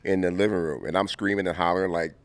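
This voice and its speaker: A man in his fifties from Compton, telling stories as an interview guest, animated and quick to laugh. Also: sits low, no room sound. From Compton, California. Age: 50s. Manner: animated, laughing storyteller who acts out scenes. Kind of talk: casual interview storytelling.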